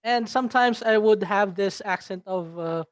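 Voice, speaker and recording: A man's voice: high voice, normal speed, no room sound. A man from the Philippines with a Filipino accent, an English teacher speaking as a guest in an interview, hesitant with many fillers and restarts. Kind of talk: interview conversation.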